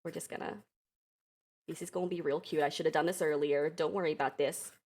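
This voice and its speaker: A woman voicing a fussy, flustered soldier, speaking lower and much quieter than her own voice. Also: fairly even intonation, quick pace, lightly acted. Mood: fussing. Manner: hushed, fussy.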